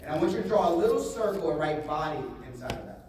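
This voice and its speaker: A man giving a motivational seminar talk to a live audience, animated, repeating phrases and getting the crowd to answer back. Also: fairly high pitch, quick pace. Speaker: motivational speaker. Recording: echoey hall, voice from a distance.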